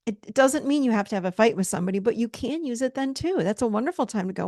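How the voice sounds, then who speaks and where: Encouraging woman with a gravelly edge. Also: on the high side, expressive, fast, no echo, clean studio sound. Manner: warm, encouraging, repeats phrases for emphasis. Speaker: coach and course host. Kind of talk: teaching a self-help course.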